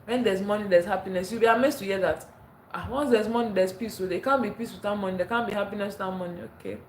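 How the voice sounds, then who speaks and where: A woman's voice: mid-range voice, fast, darkish tone, slight background noise. Woman from Africa, livestream host, chatty commentary on viewer comments, roomy echo. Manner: chatty, laughs often, reads viewer comments aloud. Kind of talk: casual livestream chat reading comments. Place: indoors at home. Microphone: phone, later a clip-on mic.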